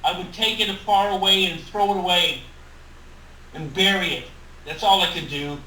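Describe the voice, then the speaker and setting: A man's voice: high-pitched, fairly even intonation, normal speed, pushed and bright. Man playing an impassioned remorseful adventurer. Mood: solemn. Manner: earnest, impassioned pleading in character. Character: remorseful devoted male adventurer Shadrach. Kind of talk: tabletop role-play. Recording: roomy, distant mic, faint hiss.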